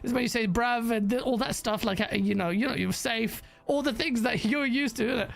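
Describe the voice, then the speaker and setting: A man with a London accent chatting as a podcast co-host, telling stories in an animated, slangy way and laughing often. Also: very high-pitched, brisk, creaky. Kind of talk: casual chat.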